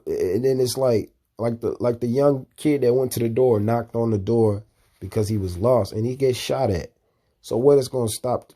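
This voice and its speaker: A man's voice: on the low side, warm tone, husky. A man giving preaching commentary on a video, who keeps ending his phrases with "man". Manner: repetitive, ends phrases with "man".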